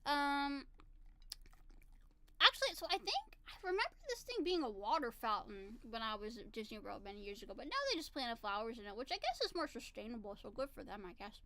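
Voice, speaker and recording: A woman's voice: on the high side, expressive, brisk, sharp tone, a little hiss or hum. A woman in her thirties chatting casually to camera, telling a story in a bubbly, giggly, gushing way. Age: 30s. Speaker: vlogger. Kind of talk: casual chat.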